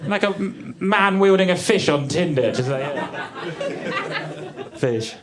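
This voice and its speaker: Dry deadpan comedian. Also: male voice, slow pace, heavy background noise. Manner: deadpan, dry delivery with sudden high exclaimed punchlines. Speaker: stand-up comedian. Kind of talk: stand-up comedy set. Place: theatre stage. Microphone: stage mic. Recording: live theatre with crowd laughter. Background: audience laughing.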